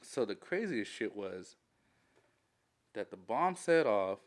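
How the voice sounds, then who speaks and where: A man who is a military veteran, telling a war story in a casual interview, swearing freely, animated and laughing as he goes. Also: fairly low pitch, takes it slowly.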